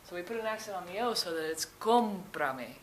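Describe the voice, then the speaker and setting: A young Spanish teacher explains grammar rules patiently, step by step, in a fairly low, fairly bright voice that moves very fast. The room is echoey, with faint noise.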